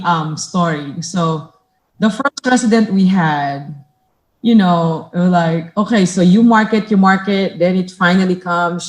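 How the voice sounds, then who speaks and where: A woman guest on a podcast, telling anecdotes animatedly and acting out what people said. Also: fairly low pitch. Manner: animated storyteller acting out quotes. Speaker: guest, assisted living facility owner. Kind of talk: casual interview chat. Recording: echoey room.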